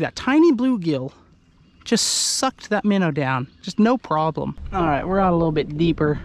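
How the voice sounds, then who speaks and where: A man from Idaho giving excited, chatty commentary to the camera while fishing from a kayak on a lake. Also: on the high side, noisy background. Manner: excitable, exclaiming, chatty with viewers. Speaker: fishing vlogger. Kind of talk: casual outdoor commentary to camera. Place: kayak on an open lake outdoors. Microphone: handheld camera.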